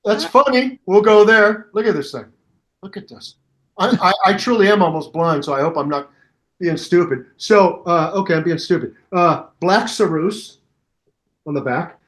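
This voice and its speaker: An older man chats as an interview guest with a fairly high voice. He tells his stories with a lot of energy, acting out other people's voices and sounds as he goes. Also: normal speed. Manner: animated storyteller, mimics voices and sounds. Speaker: guest musician. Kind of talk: casual interview chat.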